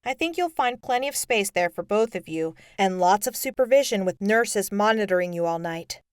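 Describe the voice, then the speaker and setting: A woman's voice: medium pitch, lively intonation, normal speed, smooth, dry recording, clean studio sound, natural voice. A woman voicing a kind but firm hospital nurse in an audiobook, speaking politely and reasonably. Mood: gently firm. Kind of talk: audiobook character voice.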